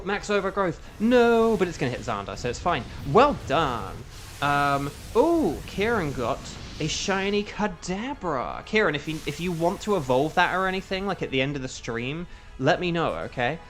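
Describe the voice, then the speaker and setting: A man's voice: a little high, a bit bright. A man who is a voice actor, chatting casually to his viewers while streaming a game, rambling and self-aware with lots of fillers. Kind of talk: casual live-stream chat over gameplay.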